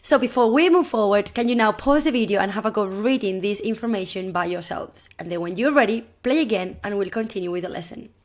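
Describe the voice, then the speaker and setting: Woman, primary language teacher; encouraging, repeats phrases slowly for pupils to echo. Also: mid-range voice. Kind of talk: recorded classroom video lesson.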